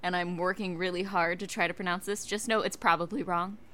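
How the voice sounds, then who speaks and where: An American woman with a somewhat low but bright voice, chatting on a podcast in a laid-back, wry way. She laughs easily between lines. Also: fairly even intonation, a little fast. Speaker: podcast co-host and teacher. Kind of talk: casual chat.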